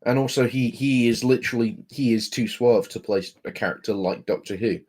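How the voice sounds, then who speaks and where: A man with a middle-pitched voice in easygoing podcast chat. He asks lots of questions and stumbles over his words now and then. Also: brisk, a little mellow. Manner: inquisitive, trips over words. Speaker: podcast co-host. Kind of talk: casual chat.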